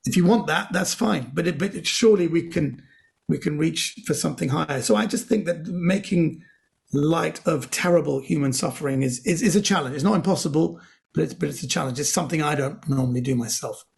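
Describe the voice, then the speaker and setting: Gravelly animated male comedian. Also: a little high, fairly quick. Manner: animated anecdotes with quoted voices. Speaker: comedian guest. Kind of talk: podcast interview storytelling.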